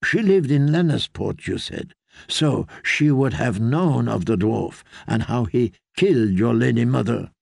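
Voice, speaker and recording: A man's voice: mid-range voice, lively intonation, a little slow, gravelly, darkish tone, breathy edge, no echo, clean studio sound, heavily acted. A man voicing a coaxing foreign noblewoman. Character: soothing foreign noblewoman, seductive confidante. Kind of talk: audiobook character voice.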